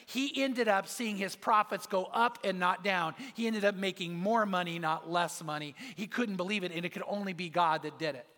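A man's voice: sits high, normal speed, hardly any pauses, sharp tone. A man preaching a sermon as pastor, telling a story in an earnest, emphatic way. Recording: long reverb of a large hall.

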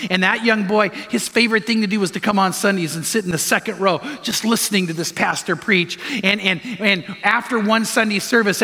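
A pastor with a high, sharp-toned voice preaches, telling stories and urging listeners on with repeated, earnest commands. The recording has a long hall reverb.

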